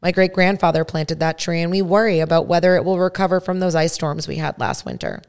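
A tiny old man in his seventies, beaming and gentle, talks in an easy, kindly way, as a woman reads his lines aloud. The voice sits low with a gravelly edge. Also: sing-song, brisk. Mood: delighted. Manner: easygoing, kindly chatter.

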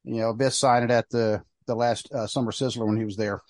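A man's voice: medium pitch, steady tone, quick pace, a little mellow, no echo. A male podcast host chatting loosely, piling up fillers and trailing off mid-thought. His voice sits in a middle register. The sound is dry and close. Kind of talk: casual chat.

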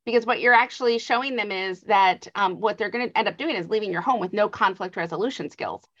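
A woman's voice: medium pitch, fast talker, fairly bright tone. A middle-aged woman giving parenting advice in an interview, earnest and explanatory, with light laughs. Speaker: author and adoption guest. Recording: slightly dull lo-fi audio.

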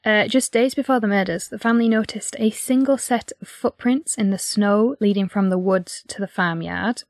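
A woman's voice: mid-range voice, normal speed, no room sound, studio quality. A woman from England co-hosting a true-crime podcast, musing casually with many filler words. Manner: reflective, lots of 'like' fillers. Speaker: podcast co-host.

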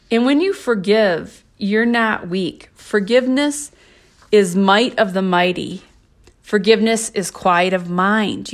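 Slow, gentle woman hosting a spiritual podcast. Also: mid-range voice. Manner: calm, gentle, measured delivery; reads passages aloud from her own book. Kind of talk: slow reflective spiritual talk.

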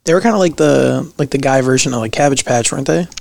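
A soft-spoken man chatting and joking on a casual podcast. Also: medium pitch, quick pace, gravelly, no echo. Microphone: close studio mic.

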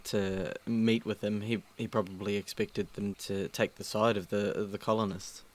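Lower-pitched male co-host, measured and hesitant in a book chat. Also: flat delivery. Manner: thoughtful, hesitant with fillers. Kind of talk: casual book discussion.

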